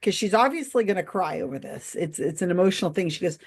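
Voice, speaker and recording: Her voice is fairly low, a little mellow and breathy, and she talks fast with lively intonation. As host of a livestream commentary show, she reads viewer comments aloud, skeptical, casual, and laughing a lot.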